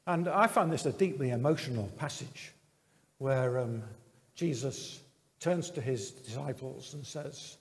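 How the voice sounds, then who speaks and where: A man preaching a sermon in an earnest, measured way, with pauses and fillers. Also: medium pitch, lively intonation, big-room sound.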